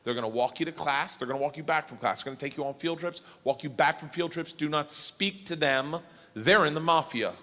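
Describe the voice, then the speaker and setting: A stand-up comedian playing a stern trip organizer who lays down firm warnings to a class. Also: male voice, a little high, brisk, bright, forceful tone, long reverb tail.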